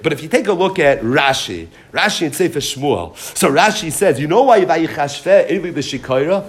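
A man's voice: a little high, very animated, fairly quick. A man teaching a Talmud and Jewish law class, explaining sources with Hebrew and Yiddish terms mixed into English. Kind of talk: Torah class lecture.

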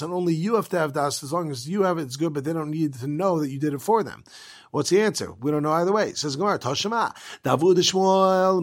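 Male Talmud teacher, casual and lively, slightly high voice, acts out quotes. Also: creaky. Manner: reads Aramaic then explains in casual English.

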